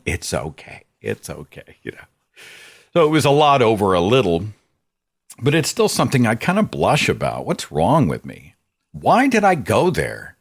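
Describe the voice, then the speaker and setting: A man hosting a podcast, telling a personal story in a candid, self-critical, conversational way. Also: deep voice. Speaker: podcast host. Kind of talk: reflective personal storytelling monologue.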